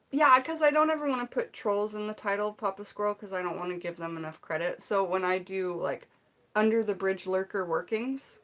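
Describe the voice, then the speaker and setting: A woman vlogger from the Seattle area chatting to her viewers as she opens gifts, gushing, excited and full of fillers. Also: mid-range voice. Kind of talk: casual unboxing chat to viewers.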